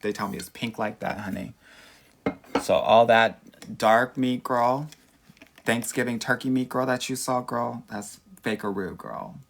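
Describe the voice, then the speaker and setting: A man's voice: mid-range voice, normal speed, a bit bright. A man from Southern California with a Valley accent, a dating coach doing a casual livestream Q&A, sassy and campy, calling everyone "girl.". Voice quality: creaky.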